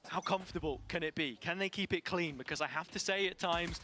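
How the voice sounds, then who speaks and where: A man doing energetic play-by-play commentary for an esports match. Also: fairly high pitch, a little fast, a little hiss or hum. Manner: energetic, rising on big plays. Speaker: play-by-play caster.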